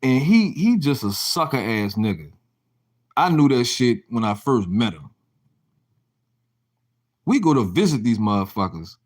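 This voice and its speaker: Animated, profane man ranting on a livestream. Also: medium pitch, a little slow, long pauses. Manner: profane, rambling storytelling with frequent restarts; mocking, laughing gossip. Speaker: livestream host. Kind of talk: casual livestream rant.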